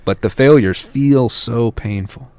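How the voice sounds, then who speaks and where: A man's voice: medium pitch, a little slow, darkish tone, no echo. An American man, a parenting author, answering a radio interviewer in an earnest way that builds to emphatic peaks.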